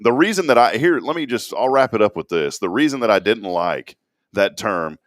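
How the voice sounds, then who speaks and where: A middle-aged man co-hosting a morning show, telling stories in a lively way and laughing often. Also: fairly low pitch, moderate pace, no echo, clean studio sound. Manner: animated storyteller, laughs often. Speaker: radio show co-host. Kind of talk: casual chat.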